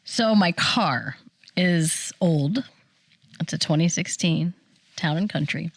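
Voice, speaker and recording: A middle-aged woman co-hosting a podcast tells a story in casual chat, speaking slowly in a husky voice with no echo. She's an animated storyteller who acts out other people's voices, pitching the quotes high.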